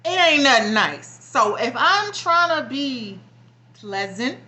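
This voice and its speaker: Young woman venting, high bright voice. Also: very animated, takes it slowly. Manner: frustrated, blunt, profane venting. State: near tears. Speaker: vlogger. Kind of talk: emotional personal vlog rant.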